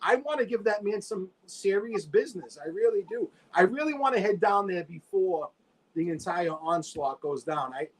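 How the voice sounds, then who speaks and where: A man's voice: high-pitched, lively intonation, moderate pace, breathy edge, rough recording. A man chatting casually as a podcast guest, laid-back and full of slang. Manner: laid-back, says dude a lot.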